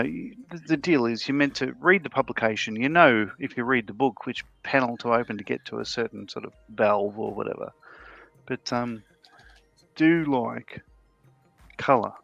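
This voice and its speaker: Gravelly-voiced man rambling in casual chat. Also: mid-range voice, normal speed, long pauses, no echo. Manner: rambling, trails off softly. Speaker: panel host building a scale model. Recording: dull lo-fi sound with faint music.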